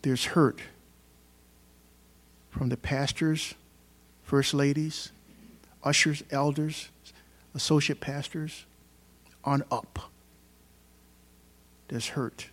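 A man preaching a sermon to his congregation in a church, emphatic and swinging between loud stresses and quiet asides. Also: fairly high pitch, steady tone, drawn-out words, pauses often. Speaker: pastor. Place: church hall.

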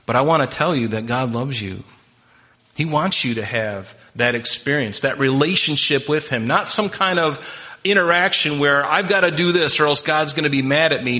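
A man's voice: medium pitch, sharp tone. A man preaching a sermon as pastor, emphatic and impassioned, talking straight to his congregation.

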